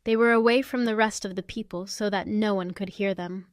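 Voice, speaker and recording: A woman's voice: mid-range voice, fairly even intonation, a little fast, dry recording, clean studio sound. A young adult woman narrating a first-person story in a sassy, confrontational manner.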